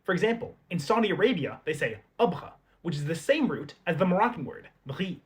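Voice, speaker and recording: A man playing a patient language personified, raspy-edged. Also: high voice, very animated, brisk, heavily acted. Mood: explaining. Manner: patient, explanatory, a bit lecturing. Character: patient personified language, male teacher type. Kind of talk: comedy sketch video.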